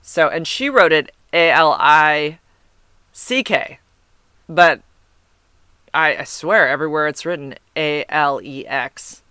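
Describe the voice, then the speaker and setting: A woman's voice: deep voice, slow pace, pauses often, sharp tone, smooth, no echo. A woman hosting a podcast, reading listener comments in a rambling, chatty way and correcting herself as she goes. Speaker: podcast host.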